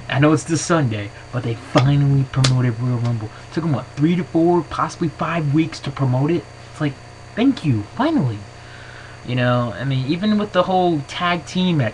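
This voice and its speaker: A man in a casual vlog, talking off the cuff into his camera's own mic. He rambles along excitably, leaning on "you know" and restarting his sentences. His voice is mid-pitched, and a faint ambient hum sits underneath. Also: poor audio. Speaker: wrestling vlogger. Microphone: built-in camera mic.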